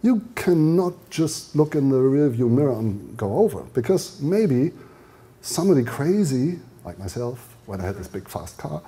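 A man's voice: mid-range voice, big pitch swings, moderate pace, mellow, slightly rough. An older man from Germany with a German accent, giving a design lecture in a rambling, storytelling way full of fillers and restarts. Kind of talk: anecdotal lecture talk.

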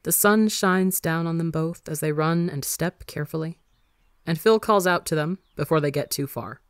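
A podcast reader narrating a story in a steady, even manner. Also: medium pitch, normal speed, smooth, no echo, studio quality. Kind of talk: audiobook narration of fan fiction.

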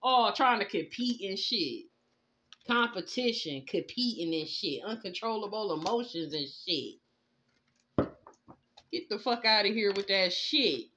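A woman with a sharp-toned, mid-range voice speaks in an animated, unhurried way while giving a casual tarot reading. She's blunt and profane, scolding and laughing, and the slightly dull lo-fi recording has a little hiss or hum.

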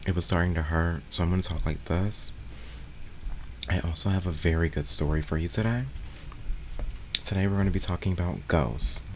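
A young man with a very low, deep voice tells a story in a relaxed, casual way while he eats. He talks with food in his mouth and chews between phrases, so the words come out thick and unhurried. There is a faint hint of room ambience behind him. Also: slight background noise. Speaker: ASMR eating channel host.

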